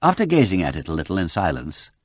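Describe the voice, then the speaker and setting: A man narrating a mystery novel as an audiobook in an expressive, animated storytelling style. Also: low-pitched, fast talker, dry recording, studio quality. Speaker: audiobook reader. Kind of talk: scripted narration.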